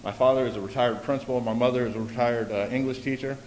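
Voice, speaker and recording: A man's voice: mid-range voice, fairly even intonation, quick pace, darkish tone. A man, a parent, giving an earnest public comment at a school board meeting, often repeating himself as he pleads his case. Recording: echoey meeting hall, faint background hiss.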